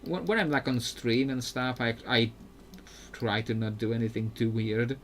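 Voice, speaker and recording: A young man with a non-native English accent chats loosely while he plays, and he sounds a little under the weather. He rambles, jokes and fills his talk with "like," in a mid-pitched voice over a faint background hum. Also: fairly even intonation, moderate pace. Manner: rambling, jokey, heavy on fillers. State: unwell. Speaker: game streamer. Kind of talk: casual gameplay commentary.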